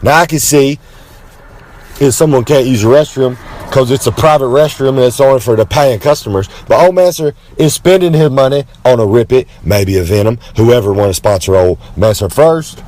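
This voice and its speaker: A brash man with a drawl spins a rambling comic tale. He swaggers through it with boastful asides and drawn-out dramatic pauses, talking about himself in the third person. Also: mid-range voice, darkish tone, a little hiss or hum. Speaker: wrestler telling a story. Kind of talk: rambling comic storytelling monologue.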